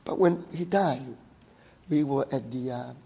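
A man's voice: medium pitch, unhurried, creaky, dark tone, slightly rough. A middle-aged man with a Taiwanese accent, a pastor preaching a sermon, telling stories and building to emphatic rhetorical questions. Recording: long hall reverb.

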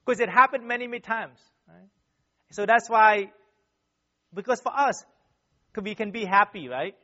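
A man with a notably high voice preaches to his congregation, telling everyday stories in an earnest, animated way. He checks in with the listeners constantly, ending almost every sentence with "right?". The recording is dull and lo-fi. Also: moderate pace, long pauses. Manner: tags nearly every sentence with a questioning "right?". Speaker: church speaker. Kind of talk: sermon with personal stories. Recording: dull, lo-fi sound.

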